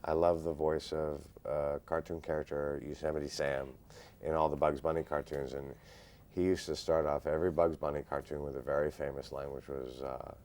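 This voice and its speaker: Super deep gravelly guy, actor being interviewed, slow careful answers w lots of uhs. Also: little pitch movement, darkish tone. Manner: measured, thoughtful, frequent "uh" pauses.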